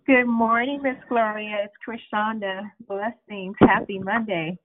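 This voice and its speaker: A woman's voice: medium pitch, steady tone, unhurried. A woman calling in to a prayer call, sharing affirming thoughts on the message. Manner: upbeat, affirming. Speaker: caller. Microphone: phone. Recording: phone line with faint noise.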